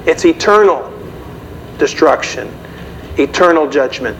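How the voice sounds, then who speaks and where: A man's voice: fairly high pitch, moderate pace. A man preaching a sermon in a conversational way, often asking the audience questions. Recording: dull, slightly noisy recording.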